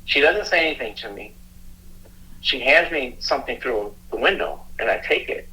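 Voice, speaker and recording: A middle-aged man, a police officer and youth mentor appearing as a guest, earnestly recounts a painful personal story, halting and restarting his sentences. His bright, forward voice is of middling pitch with lively intonation, though the audio quality is poor.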